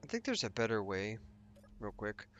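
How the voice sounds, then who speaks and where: A man's voice: fairly low pitch, wildly swooping pitch, moderate pace, fairly bright tone, muffled recording. A man hosting a let's play, giving casual gameplay commentary and thinking aloud as he rambles through his plans with restarts and asides.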